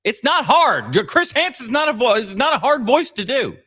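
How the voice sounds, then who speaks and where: A man hosting a live podcast stream, chatting casually and teasing, with lots of quick restarts. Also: extremely high pitch, husky. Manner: animated and teasing, many restarts. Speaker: podcast host reacting to clips.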